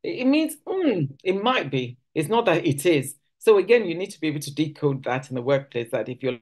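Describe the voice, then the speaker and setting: Woman church speaker, chatty teaching tone, voices quoted phrases with big pitch leaps. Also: fast, a little mellow.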